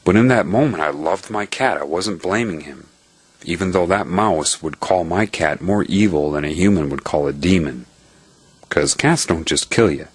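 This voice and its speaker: Deep husky man telling a story. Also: moderate pace, no room sound. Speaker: speaker telling a personal story. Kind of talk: reflective spiritual storytelling.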